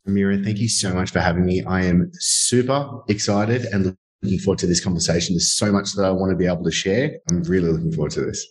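Brief: low-voiced Australian man in his thirties, candid guest, rambling, filler-heavy. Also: steady tone, quick pace. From Sydney, Australia. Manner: candid, uses many fillers like "like" and "uh". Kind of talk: storytelling interview.

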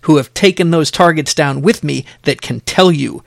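A man's voice: fairly high pitch, normal speed, gravelly, dry recording, studio quality. A middle-aged man hosting a podcast, preaching in an emphatic, exhorting way and repeating phrases for effect. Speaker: podcast host. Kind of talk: preaching, sermon-like podcast talk.

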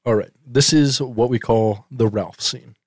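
A man's voice: mid-range voice, a little slow, heavy background noise. A man co-hosting a podcast, chatting casually and explaining things. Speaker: podcast co-host. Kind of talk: casual chat.

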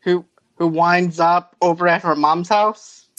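A man's voice: high voice, steady tone, a little slow, fairly bright tone, dry recording, highs cut off. A man chatting casually about a movie, retelling scenes and laughing often. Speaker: movie review co-host. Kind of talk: casual chat.

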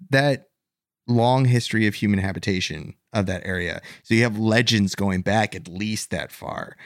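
Low-voiced man telling a paranormal story. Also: no room sound, studio quality. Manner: rambling with fillers and restarts. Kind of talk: casual storytelling chat.

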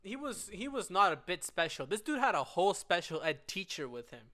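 A teenage boy co-hosting a casual podcast, telling loud joking stories. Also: sits high, very animated, a little fast, crowd noise. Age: teens. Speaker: podcast co-host. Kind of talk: casual chat.

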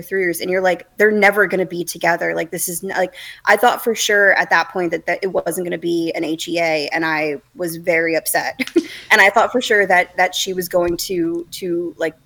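A woman's voice: lowish voice, fairly even intonation, fairly quick, fairly bright tone. A woman co-hosting a book podcast in casual chat, gushing and rambling with many fillers. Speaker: podcast co-host.

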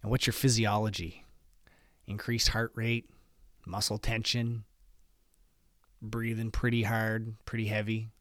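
Low-voiced man hosting a solo podcast. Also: little pitch movement, unhurried, pauses often, fairly bright tone, no echo, clean studio sound. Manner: earnest, asks listeners many rhetorical questions. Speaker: podcast host.

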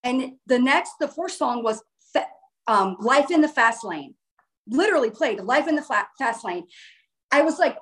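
A woman speaks with a slightly higher than usual pitch, telling a personal story straight to her audience. She rambles earnestly and often breaks off to restart a sentence. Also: animated, a little fast, low-quality recording.

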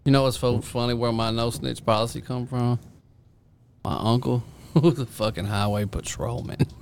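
A man's voice: mid-range voice, steady tone, normal speed, vocal fry, darkish tone, slight background noise. A man on a casual podcast, chiming in with jokes and laughing as he talks. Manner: joking interjections, laughs while talking. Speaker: podcast co-host.

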